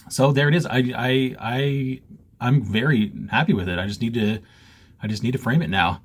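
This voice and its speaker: A man's voice: mid-range voice, moderate pace, breathy edge. A man chatting casually to camera from his basement, joking, self-mocking and laughing often. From Canada. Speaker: cross-stitch vlogger. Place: home basement.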